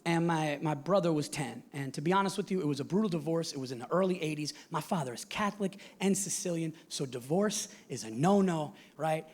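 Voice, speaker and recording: A man in his forties doing animated stand-up comedy on stage, acting out his family in loud put-on voices. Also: a little high. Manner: animated, acts out his father with a loud Italian-American voice. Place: comedy stage before a live audience. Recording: live show with audience laughter and noise. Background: audience laughing.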